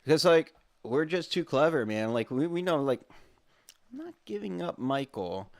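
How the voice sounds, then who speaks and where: Animated, laughing man telling stories. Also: fairly high pitch, moderate pace, creaky. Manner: animated storyteller, acts out quotes with laughs. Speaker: podcast co-host. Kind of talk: casual chat.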